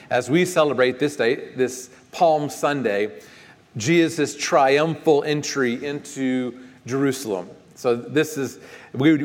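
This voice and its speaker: A man with a Texan accent preaching a conversational sermon as pastor, relaxed and searching for his words. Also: medium pitch. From Texas. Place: church sanctuary. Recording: long reverb of a large church.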